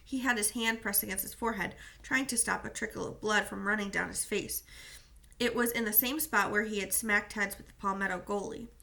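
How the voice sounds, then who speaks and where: A woman's voice: mid-range voice, steady tone, a little fast, gravelly, pushed and bright. A woman reading a novel aloud, telling the story steadily in the first person. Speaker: reader.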